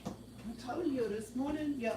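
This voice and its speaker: Cooking breakfast at home during a livestream, this young woman jokes around, swears, and chats casually at a normal speed in a high voice. The audio comes from a phone mic set far away, with noise in the background.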